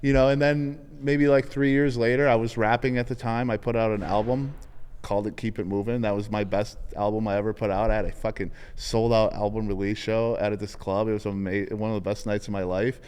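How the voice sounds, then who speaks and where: Laid-back man, smooth voice, reverb. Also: on the low side, level tone, a little fast, hardly any pauses, darkish tone. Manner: laid-back, chatty, swears casually. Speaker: podcast host. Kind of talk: casual podcast chat.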